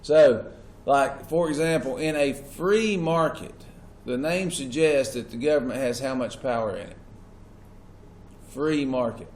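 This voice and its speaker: A man's voice: mid-range voice, measured pace, darkish tone. A man lecturing a class as their teacher, asking questions and stressing key words. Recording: echoey classroom with faint noise.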